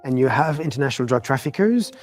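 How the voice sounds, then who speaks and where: Measured European man explaining. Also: mid-range voice, lively intonation, soft background music. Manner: measured, explanatory, hesitant fillers. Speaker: interviewed judge. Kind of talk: news interview.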